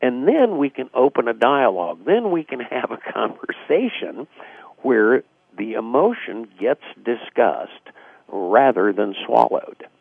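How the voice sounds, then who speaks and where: A man with a low, gravelly, husky voice talks reflectively as a radio guest, piling on fillers. He comes through a tinny, dry phone line. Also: big pitch swings, a little slow, dry recording. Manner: reflective, acts out quoted dialogue, frequent fillers. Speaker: guest author. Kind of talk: casual radio interview explanation.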